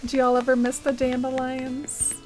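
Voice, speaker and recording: A young adult woman streams a game, chatting casually and reading chat aloud in a rambling way full of "like" and "uh." Her voice is high-pitched and monotone at a normal speed. Soft music plays behind her on a low-quality recording.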